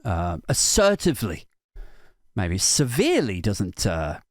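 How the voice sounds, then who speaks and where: In a clean, dry studio recording, a man with a fairly low voice and huge swings in pitch speaks a little slowly. He's hosting a comedy podcast, mocking his subject in a satirical rant, cursing and often cracking up.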